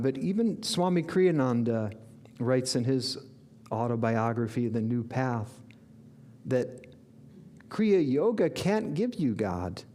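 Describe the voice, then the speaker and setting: Slow, earnest male spiritual teacher. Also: mid-range voice. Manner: slow, earnest and reflective, with lively bursts of enthusiasm. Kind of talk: inspirational sermon.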